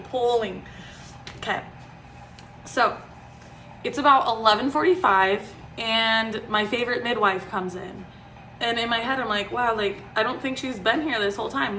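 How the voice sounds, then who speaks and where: A young woman in her twenties chats through a personal story, her voice bright and clear. She talks casually, leaning on "like" and "um" as she goes. The room gives her voice a noticeable echo, with a faint hiss behind it. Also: medium pitch. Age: 20s. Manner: chatty, frequent "like" and "um" fillers. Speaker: vlogger. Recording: roomy echo.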